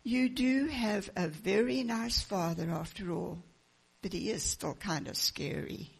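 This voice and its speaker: A woman voicing an eager, polite young girl in a storybook reading, with a gravelly, husky undertone. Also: medium pitch, unhurried.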